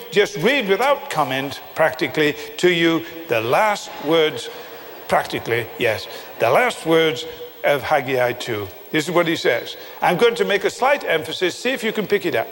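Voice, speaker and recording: A man preaching a sermon, telling a story with acted dialogue and emphatic pauses, from England. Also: fairly high pitch, very animated, fairly bright tone, in a large hall.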